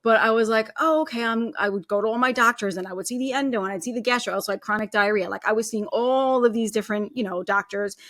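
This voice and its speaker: A woman's voice: on the high side, fast, few pauses, fairly bright tone, no echo. A woman in her thirties, a podcast guest, telling her personal story in a casual, chatty way full of "like" and "you know".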